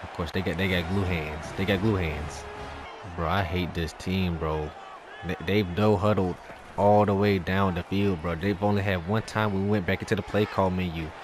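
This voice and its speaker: A man giving live commentary over his own gameplay as a YouTuber, ranting in exasperation and swinging between muttering and shouting. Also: low-pitched, fairly even intonation, moderate pace, background noise. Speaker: gaming YouTuber.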